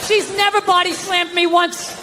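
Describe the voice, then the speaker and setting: An American man in his fifties doing a loud, profane, sarcastic stand-up set on stage in a large hall. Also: very high-pitched, level tone, normal speed. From United States. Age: 50s. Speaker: stand-up comedian. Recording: live stage recording with crowd noise. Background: audience crowd.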